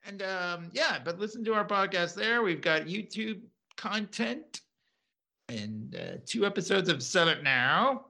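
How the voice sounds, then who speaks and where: A man co-hosting a podcast who chats and reacts quickly and laughs often. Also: high voice, animated, creaky, bright, forceful tone. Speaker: podcast co-host. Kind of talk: casual chat.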